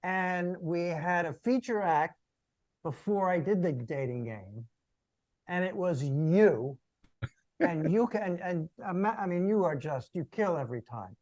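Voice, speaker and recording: A man's voice: sits high, animated, measured pace, a little mellow, dry recording, lo-fi sound. An older man hosting a comedy podcast, enthusiastic as he praises and explains. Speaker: podcast host. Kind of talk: casual chat.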